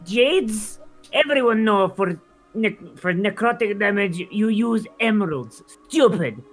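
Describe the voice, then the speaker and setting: A fussy old woman healer scoffs at everyone around her in a raised, swooping voice, as a man puts her on. She sounds scornful and sharp. Light music plays under her. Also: high voice, animated, takes it slowly, voice pushed up, heavily acted. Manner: scornful, muttering insults.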